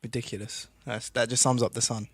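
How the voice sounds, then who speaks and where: A man's voice: medium pitch, little pitch movement, fairly quick. A man co-hosting a podcast, jokey and laid-back in casual chat. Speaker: podcast co-host.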